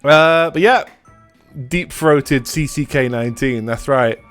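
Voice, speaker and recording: Hoarse, stuffy man chatting on stream. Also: medium pitch, takes it slowly, a bit bright, faint music behind. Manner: rambling, with restarts, swearing and laughs. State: stuffy nose after a cold. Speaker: live streamer hosting a retro game stream. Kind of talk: casual live-stream chat.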